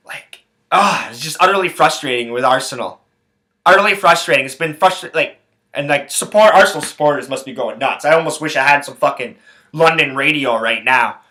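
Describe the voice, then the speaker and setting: A man's voice: on the high side, lively intonation, fairly quick, bright, forceful tone. A man hosting a sports podcast, ranting angrily with heavy swearing and repeating phrases for emphasis. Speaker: podcast host. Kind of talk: profane sports rant.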